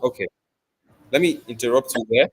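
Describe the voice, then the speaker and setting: A man from Nigeria with a Nigerian accent, presenting a live software demo in a casual, chatty way with plenty of fillers. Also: medium pitch, a little fast, husky, no room sound. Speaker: tech presenter.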